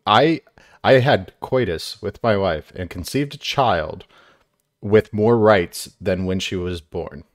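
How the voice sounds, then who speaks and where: A tipsy man with a fairly low voice co-hosts a drinking podcast. He rambles through his stories with lots of "um"s and loose asides. The recording is dry. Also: slow pace, no echo. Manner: rambling storyteller, full of fillers. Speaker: podcast co-host. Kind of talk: casual drinking-podcast chat.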